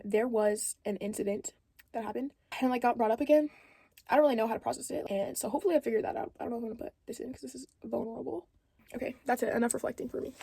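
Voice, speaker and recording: A teenage girl talks fast into her camera for a personal video diary. Her words come out in a loose ramble, packed with "like" and second thoughts. She sounds candid and a little unsure of herself. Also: a little high, dark tone, breathy edge, dry recording. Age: late teens. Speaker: high school senior vlogger.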